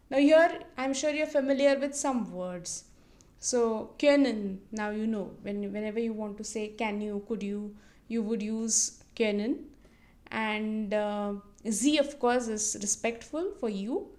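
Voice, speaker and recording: A woman teaching as a language tutor, explaining phrases patiently and repeating each one slowly for the listener to copy. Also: a little high, darkish tone. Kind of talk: instructional explanation with slow repetition drills.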